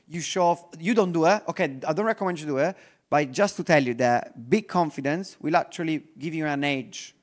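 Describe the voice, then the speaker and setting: A man with an Italian accent speaks from a conference stage in a voice pitched a little high for a man. His English is loose and full of restarts, and at times he slows to a near-murmur to drive a point home. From Italy. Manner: non-native English with restarts, drops to very slow, soft delivery for effect. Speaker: investor giving a conference talk.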